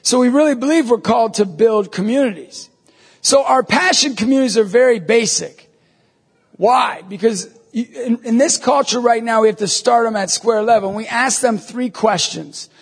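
Husky high-voiced man preaching in a hall. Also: moderate pace. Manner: animated, acts out dialogue, emphatic. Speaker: Catholic evangelist speaker. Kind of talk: storytelling sermon.

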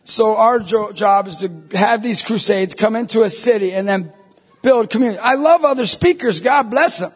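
A Catholic evangelist man giving an animated storytelling sermon, acting out dialogue with emphatic bursts. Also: sits high, normal speed, husky, in a large hall, soft background music.

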